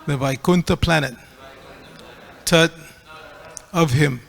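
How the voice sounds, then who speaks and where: A man's voice: a little high, steady tone, a little slow, gravelly, long pauses, fairly bright tone, big-room sound. A man giving a scripture class, reading aloud and correcting pronunciation in a teacherly way. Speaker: class speaker. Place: temple hall.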